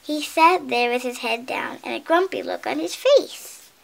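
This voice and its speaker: A woman reading a picture book aloud in an expressive way, correcting her slips and adding asides about the pictures. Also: sits high, unhurried, gravelly. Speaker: storybook reader.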